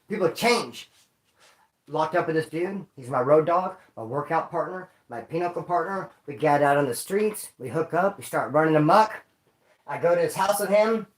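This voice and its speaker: A man hosting a livestream, telling stories in casual slang, rambling and repeating himself. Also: a little high. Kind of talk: casual storytelling. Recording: roomy echo.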